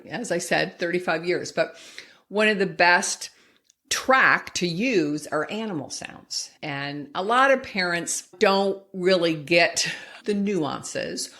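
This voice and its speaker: A woman's voice: on the low side, expressive, slow, a bit bright. A middle-aged woman speech therapist hosting a podcast, explaining patiently and modeling baby sounds. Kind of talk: instructional podcast talk.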